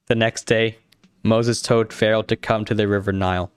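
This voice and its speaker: A man's voice: on the low side, steady tone, moderate pace, smooth, dry recording, faint music behind. A man reading a story aloud to friends, casual, laughing often and correcting his stumbles. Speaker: streamer.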